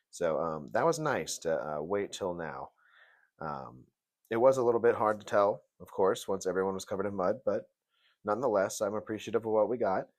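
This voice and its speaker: A man's voice: on the low side, a little mellow. Profane, rambling man reviewing a TV episode. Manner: rambling, profane, jokey rants with mocking put-on voices. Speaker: TV show reviewer. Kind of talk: casual video review commentary.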